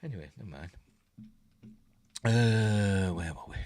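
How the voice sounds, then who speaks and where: With a lowish voice and no echo, this very animated man from Yorkshire talks a little slowly, with long pauses. As host of a film review livestream, he chats casually, rambling and chuckling over viewer comments.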